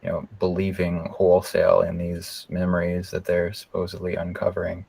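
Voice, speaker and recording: A man co-hosting a podcast, making measured, skeptical remarks in casual chat. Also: low-pitched, completely flat delivery, creaky, mellow, slightly rough, dry recording. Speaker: podcast co-host.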